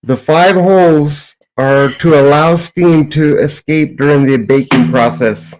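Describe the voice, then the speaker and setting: A man's voice: on the high side, measured pace, darkish tone, poor audio. A man who is a podcast guest, chatting casually and giving laid-back, brief replies.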